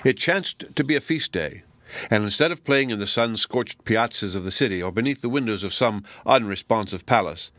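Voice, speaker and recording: A man reading a novel aloud as an audiobook narrator, with measured, even delivery. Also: lowish voice. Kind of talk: scripted narration.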